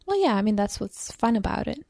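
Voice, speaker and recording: Gravelly-voiced woman co-hosting a chat. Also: medium pitch, very animated, a little fast, mellow, no echo, clean studio sound. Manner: musing, questioning, teasing. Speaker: podcast co-host. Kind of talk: casual chat.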